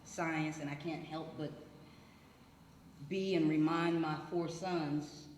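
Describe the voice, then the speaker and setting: A woman's voice: low-pitched, fairly even intonation, slow pace, a little mellow, a little hiss or hum. Woman, scientist panelist, chatty and proud, echoey hall, faint ambience. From Atlanta, USA. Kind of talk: panel self-introduction. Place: church hall.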